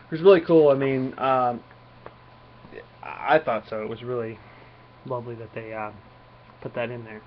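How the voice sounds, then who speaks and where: A man's voice: mid-range voice, steady tone, normal speed, long pauses, muffled recording, a little hiss or hum. A man giving a casual spoken comic book review, retelling the plot in a rambling way with many fillers.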